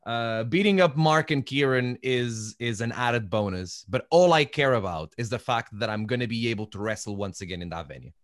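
A man's voice: medium pitch, lively intonation. A man hosting a casual podcast, a wrestler himself, bantering playfully and teasing his guest. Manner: playful and joking, quick laughs, teasing banter.

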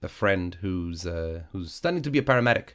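A deep-voiced man speaks briskly and animatedly as host of a solo podcast, his nose stuffy from sinusitis. Portuguese is his first language, and he rambles casually, correcting himself and using lots of fillers, recorded on a studio podcast mic.

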